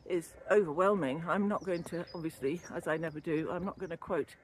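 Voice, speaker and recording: A woman's voice: lowish voice, fairly quick, slight background noise. An older woman chatting casually as she walks outdoors, a little out of breath, rambling and laughing easily about wellbeing. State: out of breath from walking. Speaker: wellbeing vlogger and former yoga teacher trainee. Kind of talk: casual walking vlog talk. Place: outdoors walking along a canal. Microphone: built-in camera or phone mic, no separate microphone.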